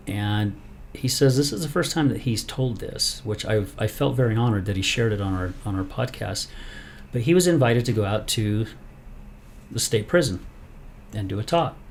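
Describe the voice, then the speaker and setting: A man in casual podcast chat, retelling a story with a lot of energy. He slips into the voices of the people he quotes as he talks. His pitch sits right in the middle. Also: slight background noise. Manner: animated storyteller, acts out quoted lines. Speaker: podcast host.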